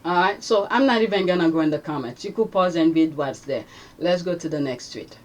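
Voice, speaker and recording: A woman's voice: on the low side, brisk. A woman hosting a casual commentary vlog, rambling and chatty with many fillers as she reacts to social media posts.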